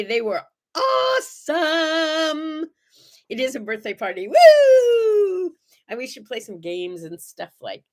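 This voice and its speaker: A woman in her seventies hosting a casual morning show, animated and bubbly, chatting to her viewers and her toys. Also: medium pitch. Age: 70s. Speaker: host.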